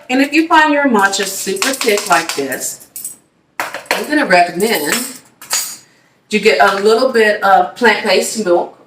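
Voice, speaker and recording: A woman's voice: mid-range voice, a bit bright, a little hiss or hum. A woman hosting a casual cooking demo, chatty and upbeat, talking straight to her viewers. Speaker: cooking video host. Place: home kitchen. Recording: echoey room, mic at a distance.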